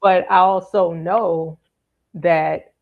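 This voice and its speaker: A woman guest on a podcast, speaking about grief in a soft, thoughtful, halting way. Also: fairly low pitch, fairly even intonation. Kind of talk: reflective conversation about grief. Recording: phone-like narrow audio.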